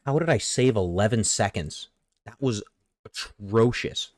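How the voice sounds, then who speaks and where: A man casually commentating his own speedrun, excitable and self-mocking, swearing freely. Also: fairly low pitch, a little slow, background noise. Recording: game music clearly behind the voice. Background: game music.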